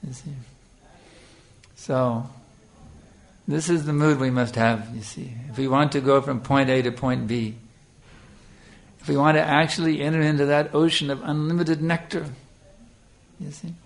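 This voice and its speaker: An older man giving an earnest sermon, telling a devotional story with lively storytelling and frequent fillers. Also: fairly high pitch, measured pace, pauses often. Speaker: spiritual teacher.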